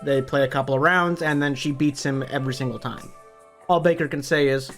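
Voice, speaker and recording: A man's voice: mid-range voice, steady tone, fairly quick, a bit bright, soft background music. A man narrating a book summary for his online channel, upbeat and conversational, with the odd casual swear. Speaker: book review YouTuber.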